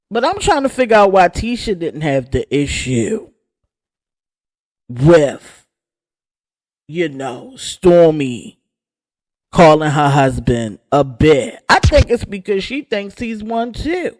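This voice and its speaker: A woman rants with sarcastic sass as the host of a gossip channel. She takes her time over her words, and her pitch leaps up and down with every jab. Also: slow pace, long pauses. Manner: sassy, sarcastic, animated. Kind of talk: casual gossip rant.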